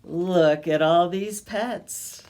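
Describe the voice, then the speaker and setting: A woman reading a picture book aloud at a children's storytime, slow and sing-song, inviting the children to join in. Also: on the low side, darkish tone.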